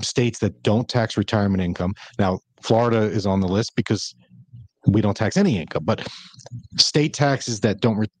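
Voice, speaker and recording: A man's voice: on the low side, no room sound. A man hosting a podcast as a financial planner, chatting casually and telling teasing stories. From Minnesota. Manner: chatty storyteller with teasing humor.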